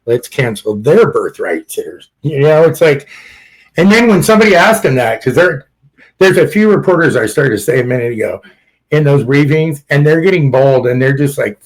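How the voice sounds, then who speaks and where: A man's voice: on the high side, lively intonation, fairly quick, poor audio. Blunt, swearing male podcast host. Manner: blunt, rambling, swears freely; laughs at his own jokes. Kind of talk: casual political chat.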